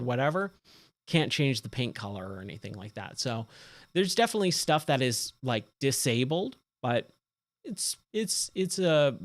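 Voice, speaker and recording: A man in his forties talks his way through a racing game on a live stream, rambling and restarting his sentences between thoughts. His voice sits at an ordinary middle pitch and sounds a little worn, recorded dry and close on a desk mic. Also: dry recording. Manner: rambling, chatty, with many fillers and restarts. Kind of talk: casual live-stream commentary.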